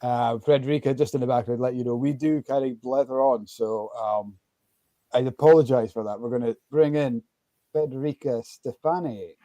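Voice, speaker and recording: A Scottish man hosting a relaxed, chatty conversation on a video call. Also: medium pitch, normal speed, dry recording. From Scotland. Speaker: host. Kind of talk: casual chat.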